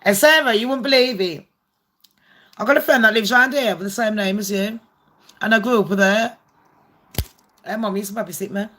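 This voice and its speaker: Chatty bright-voiced woman streamer. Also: mid-range voice, moderate pace, pauses often. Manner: chatty, swears freely, laughs often. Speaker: livestream host. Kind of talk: casual live-stream chat.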